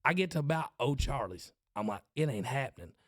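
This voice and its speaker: Animated Southern man telling a story. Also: medium pitch, a little fast, dry recording, studio quality. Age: 40s. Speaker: podcast host and preacher. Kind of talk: casual storytelling chat.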